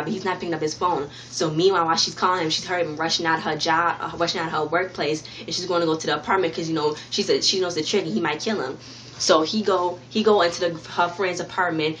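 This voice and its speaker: A woman's voice: low voice, fairly bright tone, a little hiss or hum. A woman vlogger casually retelling a TV episode's plot to her viewers, rambling, repeating herself and restarting sentences. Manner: talks directly to viewers. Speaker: TV review vlogger. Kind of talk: casual spoken episode recap.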